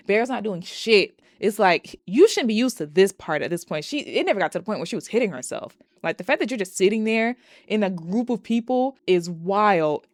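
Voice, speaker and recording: A woman's voice: mid-range voice, lively intonation, normal speed, no echo, clean studio sound. A woman recapping a movie plot in a casual, chatty way, swearing freely and throwing in exasperated asides. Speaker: movie reviewer.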